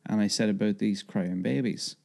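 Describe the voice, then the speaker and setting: A man's voice: fairly low pitch, fairly even intonation, normal speed, gravelly, darkish tone. A man co-hosting a podcast, casually telling a rambling story full of fillers and swearing. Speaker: podcast co-host. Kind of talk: casual chat.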